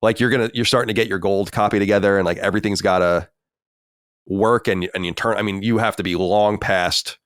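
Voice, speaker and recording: A man with a low voice chats casually as a podcast co-host. He talks at length, circling back with restarts and fillers. The sound is dry and close. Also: fairly even intonation, a little fast, clear, resonant tone, no echo. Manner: talkative, many restarts and fillers. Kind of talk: casual chat.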